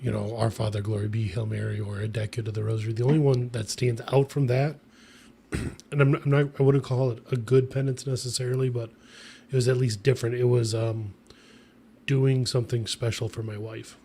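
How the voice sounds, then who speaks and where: A man co-hosting a casual panel chat, speaking in a measured, dry way. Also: medium pitch, little pitch movement, gravelly, warm tone, slight background noise.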